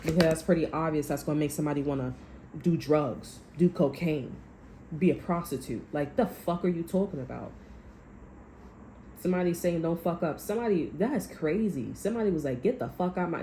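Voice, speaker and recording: A woman with a low, mellow voice gives a casual tarot reading, blunt and full of profanity as she talks straight at her viewers. The sound bounces around a roomy space, with faint ambient noise behind her. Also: animated, fairly quick. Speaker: tarot reader. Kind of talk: casual spiritual reading monologue.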